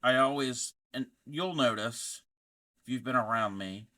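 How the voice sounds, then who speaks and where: A man chats on his crochet live stream with a bright, forward voice. He rambles through greetings to his viewers and drops puns and references as he goes. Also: medium pitch, unhurried. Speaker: crochet streamer and fiber artist. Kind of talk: casual live-stream chat.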